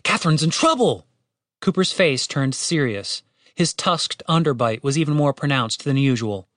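A man narrating a fantasy audiobook in a steady, wry storytelling way, with casual swearing. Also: medium pitch, moderate pace, dry recording, clean studio sound.

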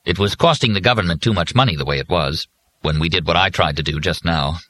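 A man's voice: low voice, fast, bright, forceful tone. A man voicing a weary, sardonic man down on his luck, speaking in a dry, wry way.

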